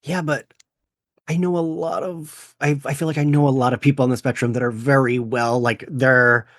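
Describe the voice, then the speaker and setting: A man hosting a podcast in casual chat, animated and laughing often as he acts out quotes. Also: medium pitch, moderate pace, no echo, studio quality. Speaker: podcast host.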